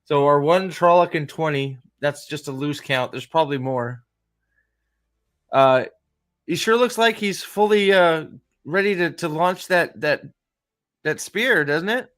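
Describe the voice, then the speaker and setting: A man's voice: on the high side, a little slow, a bit bright. A young man hosting a show review, giving profane, exasperated, sarcastic reaction commentary as he watches an episode.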